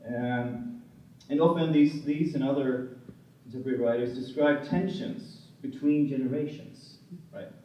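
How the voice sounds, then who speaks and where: A man's voice: medium pitch, steady tone, dark tone, distant mic. Man posing academic questions in an echoey room. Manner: measured, questioning, frequent filler pauses. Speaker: symposium moderator. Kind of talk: academic discussion. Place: lecture room.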